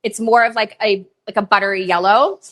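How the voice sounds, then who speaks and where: A woman hosting a live shopping stream for roses, chatting casually with lots of fillers and pauses. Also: mid-range voice, steady tone, fairly bright tone. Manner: chatty, many fillers, emotional at times. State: tearful. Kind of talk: live sales stream chat. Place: rose farm, humid.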